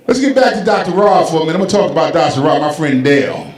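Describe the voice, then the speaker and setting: Rambling New comic, roomy venue. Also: male voice, fairly high pitch, big pitch swings, rapid-fire. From Brooklyn, New York. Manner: loose, rambling, laughing at his own jokes. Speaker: stand-up comedian. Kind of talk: stand-up comedy routine. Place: comedy event venue.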